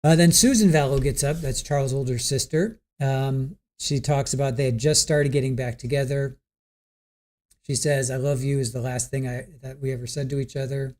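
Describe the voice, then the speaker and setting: A man's voice: medium pitch, steady tone, normal speed, a little mellow. Man casually recapping court statements. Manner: conversational, many fillers and restarts, chuckles now and then. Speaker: live stream host recapping a court sentencing. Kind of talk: casual spoken recap, reading out quotes.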